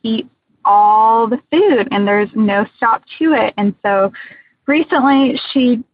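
Woman voicemail caller, friendly and chatty, higher husky voice, phone-quality audio. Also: slow pace, no room sound. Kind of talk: voicemail question. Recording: phone line.

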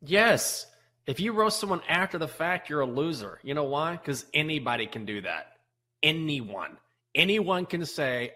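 A man's voice: fairly high pitch, expressive, unhurried, sharp tone. A man giving blunt, emphatic opinions on a sports betting show. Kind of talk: opinion commentary.

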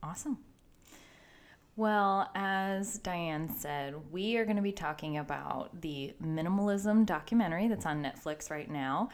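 A woman's voice: fairly low pitch, unhurried. A woman co-hosting a podcast in casual chat, with an easygoing, encouraging manner. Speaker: podcast co-host.

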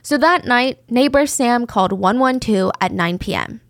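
A woman's voice: a little high, animated, moderate pace, dry recording, studio quality. A woman narrating a true crime story in a casual, chatty way, with conversational asides.

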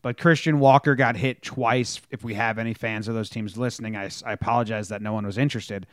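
A man's voice: fairly low pitch, fairly even intonation, fairly quick, no room sound, clean studio sound. A man co-hosting a casual sports podcast, telling stories animatedly and acting out players' lines. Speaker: podcast co-host.

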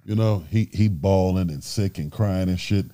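Low-voiced male co-host telling stories. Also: moderate pace, dry recording, studio quality. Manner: animated storytelling, slangy. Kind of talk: casual storytelling banter.

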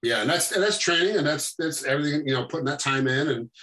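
A middle-aged man, a combat sports referee, telling animated stories in a casual chat and acting out what people said. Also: a little high, fast talker, rough recording. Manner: animated storytelling, acting out quotes. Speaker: MMA referee, guest.

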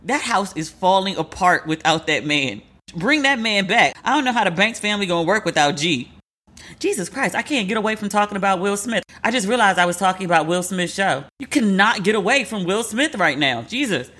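Woman, 40s, solo podcast host, animated and chatty, acts out quotes. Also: mid-range voice, a little fast, slightly rough. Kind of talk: casual solo commentary.

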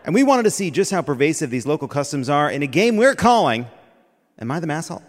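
A man hosting a comedy segment on a live stage, playful and quick, laughing between lines. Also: fairly high pitch, big pitch swings, in a large hall. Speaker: host. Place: theater stage with audience.

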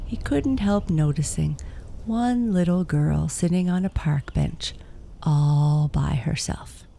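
Slow, gravelly woman reading a bedtime story. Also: deep voice, slight background noise. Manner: slow, soft-spoken, drops to whispers. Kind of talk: storybook narration.

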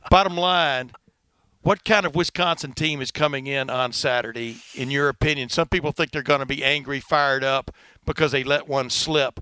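A middle-aged man with a Texas twang hosting a casual sports podcast, talking fast with lots of uh fillers. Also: medium pitch, fairly even intonation, sharp tone, clear, resonant tone, no echo. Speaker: podcast host.

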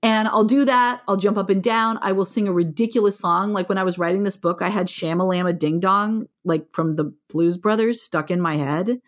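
A woman's voice: mid-range voice, normal speed, few pauses. A middle-aged woman, a parenting author, talking frankly and with animation in an interview. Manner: frank, animated, plainspoken with mild swearing. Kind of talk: conversational interview.

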